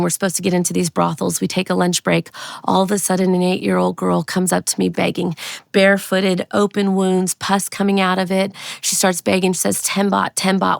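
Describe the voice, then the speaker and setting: Gravelly-voiced woman sharing a testimony. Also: mid-range voice, no echo, studio quality. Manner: earnest, acts out quoted dialogue. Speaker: missionary telling her testimony. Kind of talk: personal testimony storytelling.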